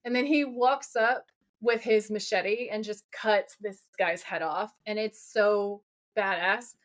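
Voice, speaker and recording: A woman's voice: medium pitch, fairly even intonation, takes it slowly. A woman in her forties co-hosting a podcast, enthusiastically recapping a TV episode in casual chat and swearing now and then. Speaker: podcast co-host.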